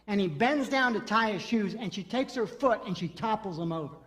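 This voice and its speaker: A man's voice: high-pitched, lively intonation, normal speed. A man preaching a sermon as pastor, telling a story and repeating phrases for emphasis. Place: church sanctuary. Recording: long hall reverb.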